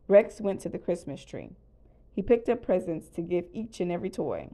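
A woman calmly narrating a children's storybook read-aloud. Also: on the low side, moderate pace. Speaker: storybook reader.

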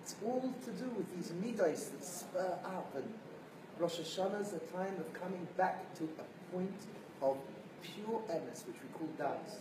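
A rabbi lectures with animated storytelling. He sounds distant in a roomy space, with a faint hiss beneath his voice. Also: high-pitched, a little slow. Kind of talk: sermon-style lecture.

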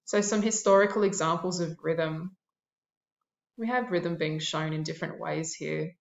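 A woman's voice: deep voice, moderate pace, vocal fry, echoey room, muffled recording. A woman art teacher narrating a classroom lesson, explaining terms and listing examples with a few fillers.

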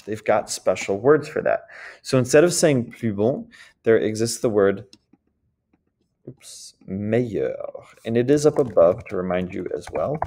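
A man teaching a French grammar lesson in a casual way, often checking in with "d'accord?" and slowly modeling the words. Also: lowish voice, a little mellow.

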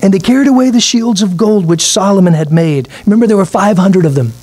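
A pastor preaches a midweek sermon. His voice sits a bit high for a man. He reads scripture aloud and slips into acted asides, with a low mains hum under it all. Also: fast talker, a little mellow.

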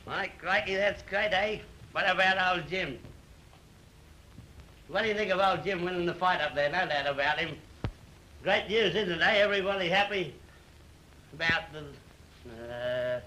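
A cheeky working-class king, all slang and bluster. His voice sits high and sounds very bright and sharp, rattling on in old-time film comedy fashion. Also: slight background noise, low-quality recording. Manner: chatty, bossy, full of slang. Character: excitable working-class man made king, cheeky and boisterous.

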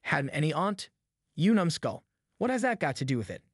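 A stern old aunt with a soft heart , as a male narrator puts her on, scolding and questioning sharply. The reading is dry and close, in audiobook style. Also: fairly high pitch, big pitch swings, moderate pace, slightly rough, no room sound. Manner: scolding, then gentle.

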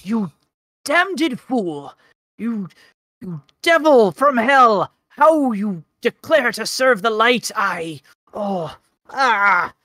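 A man voicing a grumpy, hungover male caravan driver with an Irish tinge, shouting in distraught outbursts. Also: high voice, sing-song, extremely slow, no room sound, studio quality, voice pushed up, exaggerated voice. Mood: furious.

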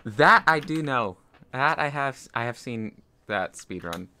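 A man's voice: medium pitch, expressive, a little slow, bright, forceful tone, smooth. A man in casual gaming chat, giving self-deprecating running commentary on a headset mic. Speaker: speedrunner.

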